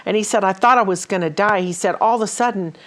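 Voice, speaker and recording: A woman's voice: medium pitch, fast, a bit bright. A woman hosting a ministry talk show, telling stories in a casual way with many fillers and restarts. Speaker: host.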